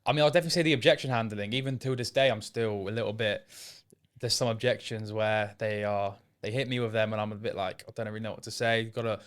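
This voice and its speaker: A man's voice: on the low side, quick pace, clear, resonant tone. A young man from England, a former apprentice, answering interview questions casually and hesitantly, often trailing off and restarting. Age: young adult. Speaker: interview guest, sales setter.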